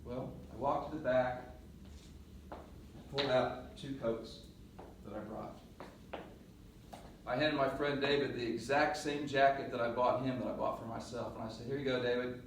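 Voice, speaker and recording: Middle-aged guy coaching a class, animated storyteller, far off mic, big echo, faint hiss. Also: mid-range voice, normal speed, long pauses. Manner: animated storyteller, laughs and acts out voices. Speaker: presentation coach. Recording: roomy echo, mic at a distance, faint noise.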